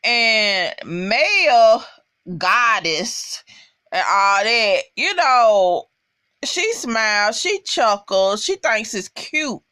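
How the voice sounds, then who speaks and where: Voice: medium pitch, big pitch swings, drawn-out words, sharp tone, smooth. A young adult recapping a TV episode in a casual, profane, emphatic way, talking straight to viewers.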